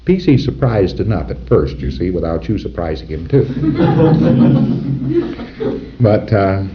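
A man's voice: on the low side, huge pitch swings, takes it slowly, muffled recording. A man giving an informal lecture to trainees, talking conversationally and acting out little dialogues. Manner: conversational, acts out dialogues and chuckles at his own examples.

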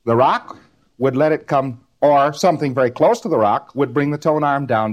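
A man's voice: mid-range voice, animated, normal speed, highs cut off. Man lecturing in looping rhythmic runs. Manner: rambling, repeats words in rhythmic runs, tags "don't you see?". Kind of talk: recorded lecture to trainees.

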